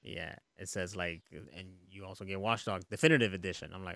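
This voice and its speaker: A man co-hosting a podcast, chatting in a relaxed, rambling way with frequent laughs and casual swearing. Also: sits low, fairly quick, vocal fry, no echo, clean studio sound. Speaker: podcast co-host. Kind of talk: casual chat.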